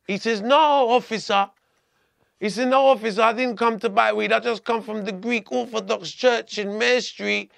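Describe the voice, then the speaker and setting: A man, telling a story as a podcast guest in a lively, profane way. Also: very high voice, normal speed, gravelly, no echo. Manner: animated, profane, laughing storyteller. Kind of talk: storytelling in conversation.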